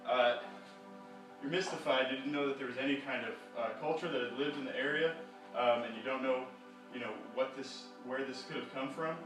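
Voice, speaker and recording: A man's voice: mid-range voice, brisk. A man narrating an interactive story to a live audience in a rambling, playful way, full of fillers, restarts and joking asides. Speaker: storyteller and comics reader. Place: live performance venue. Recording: echoey room from a distance with music.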